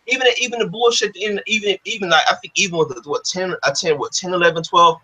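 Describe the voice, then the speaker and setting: A man's voice: high voice, fast talker, bright, forceful tone, husky. A man hosting a casual discussion, ranting in a heated, profane, emphatic way. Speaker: podcast host. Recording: dull lo-fi audio.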